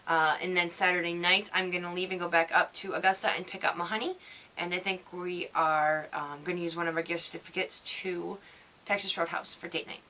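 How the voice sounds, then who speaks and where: A young woman hosting her knitting video blog, chatting in a loose, rambling way with many pauses and little laughs. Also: fairly low pitch, steady tone, sharp tone. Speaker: knitting vidcast host. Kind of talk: rambling casual vlog chat.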